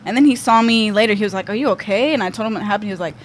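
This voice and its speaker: In rapid-fire delivery at medium pitch, a young woman podcast guest chats her way through a story, peppering it with "like" and "um." Faint background noise sits under the recording.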